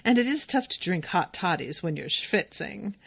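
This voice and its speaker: A woman's voice: on the low side, lively intonation, moderate pace, vocal fry, fairly bright tone, slightly rough, no echo, exaggerated voice. A woman voicing a snobby, upper-class middle-aged British woman in a put-on British accent, sounding haughty and disdainful.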